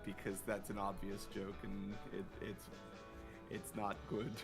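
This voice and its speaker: A man's voice: lowish voice, monotone, a little slow, music in the background. A man co-hosting a drawing livestream, chatting casually in a laid-back way and reading viewer questions aloud. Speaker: co-host of an art stream.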